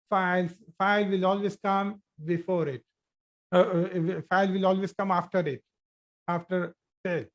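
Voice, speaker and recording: A man teaching an online Arabic grammar class, explaining slowly, addressing students directly and often repeating and restarting his phrases. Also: high-pitched.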